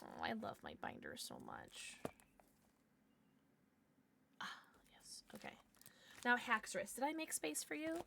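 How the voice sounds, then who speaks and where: A woman streamer chatting casually on a livestream, bubbly and excitable, swearing now and then. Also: a little high, measured pace, creaky, long pauses, in a whisper.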